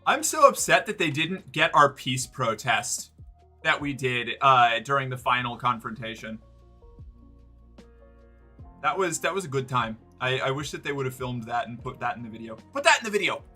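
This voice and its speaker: A man's voice: medium pitch, lively intonation, moderate pace, bright, forceful tone, faint music behind. A man streaming live, chatting casually and rambling, often restarting and swearing. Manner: rambling, self-interrupting, swears.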